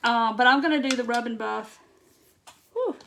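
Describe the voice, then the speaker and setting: A woman with a notably high voice hosts a live craft tutorial. She chats loosely as she works, stopping often to greet viewers by name and answer their comments. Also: moderate pace, vocal fry, fairly bright tone, slight background noise. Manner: chatty, greets viewers by name while reading comments and working.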